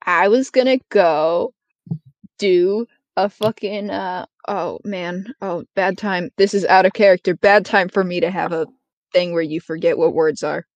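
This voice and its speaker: A woman's voice: on the low side, fairly even intonation, unhurried, dry recording. Woman player, casual rambler with a loose mouth, dull dry recording. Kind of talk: casual tabletop game chat.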